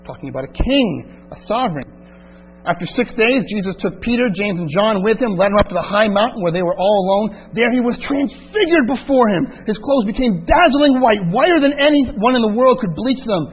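A man preaching a sermon, telling the story dramatically and swinging from hushed asides to loud exclamations. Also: high voice, lively intonation, brisk, husky. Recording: tinny phone-like recording with mains hum.

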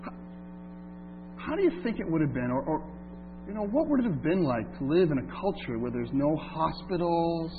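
A man's voice: on the high side, big pitch swings, normal speed. A male pastor preaching a sermon, asking rhetorical questions of his congregation. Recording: tinny phone-like sound with hum.

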